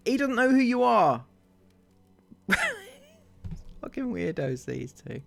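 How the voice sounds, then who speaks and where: A man's voice: high-pitched, very animated, takes it slowly, vocal fry. A man giving sarcastic reaction commentary, firing incredulous rhetorical questions.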